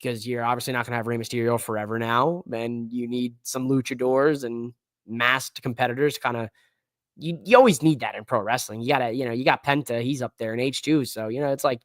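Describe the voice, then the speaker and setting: A man's voice: medium pitch, steady tone, brisk, no echo, clean studio sound. A man hosting a casual live-stream wrestling show, talking loosely with slang and lots of fillers. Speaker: wrestling podcast host.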